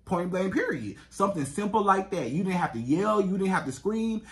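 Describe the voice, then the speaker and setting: A man's voice: sits high, lively intonation, a little fast. A man, a dating coach giving blunt, emphatic advice straight to camera and repeating catchphrases. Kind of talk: direct-to-camera advice monologue.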